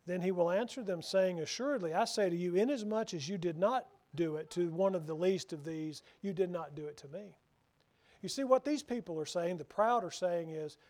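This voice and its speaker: High-voiced man preaching a sermon. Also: a little mellow. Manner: reads scripture slowly, acts out quoted voices.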